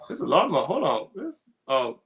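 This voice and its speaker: Gravelly, laid-back man with a chuckle. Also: mid-range voice, moderate pace, highs cut off. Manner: relaxed, laughs often, reads out chat comments. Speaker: co-host of a ministry talk. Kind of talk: casual spiritual discussion.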